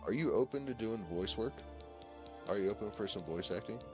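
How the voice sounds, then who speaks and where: Deep-voiced rambling Virginia man. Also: animated, a little fast, over music. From Virginia, USA. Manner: rambling, profane, full of fillers. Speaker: voice-call participant. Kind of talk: casual chat on a voice call.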